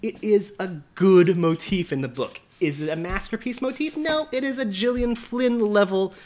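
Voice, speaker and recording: A man's voice: sits high, animated, normal speed, darkish tone. A man co-hosting a casual film review chat, blunt and profane, ranting about a movie he dislikes. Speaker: podcast co-host.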